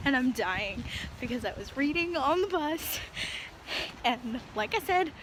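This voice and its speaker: Chatting breathlessly in a casual vlog, a young woman pours out emotional, gushing thoughts on a book she's reading. Her voice is high-pitched, animated and fairly bright, though her pace stays measured, and there's slight background noise. Possible locations include a bus, home, or a staff room.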